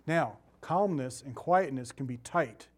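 A middle-aged man preaching a sermon in a conversational, animated way, with asides and laughter. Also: mid-range voice, a little hiss or hum.

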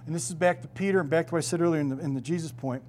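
A middle-aged man, a pastor, preaching a sermon with emphatic, drawn-out stresses on key words. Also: on the high side, darkish tone.

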